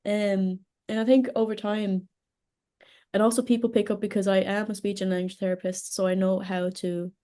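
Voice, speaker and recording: A woman's voice: medium pitch, little pitch movement, moderate pace, warm tone. A German woman whose first language is German, speaking English with an Irish-tinged accent, chatting as an interview guest who laughs easily and jokes about herself. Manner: laughs easily, self-deprecating. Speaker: guest, speech and language therapist. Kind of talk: casual interview chat.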